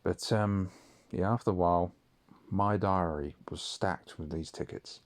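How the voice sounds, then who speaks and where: A man's voice: low-pitched, a little slow. A man telling a story from his school days in a rambling, sweary, casual monologue with many ums. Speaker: audio diarist.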